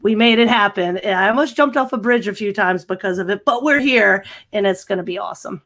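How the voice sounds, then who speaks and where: This is a woman talking as a guest on a podcast. Her voice sits at an ordinary middle pitch, and she speaks in a lively, chatty way, laughs easily and fills pauses with "um" and "you know". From American South. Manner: chatty and animated, laughs often, many fillers. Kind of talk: casual podcast interview.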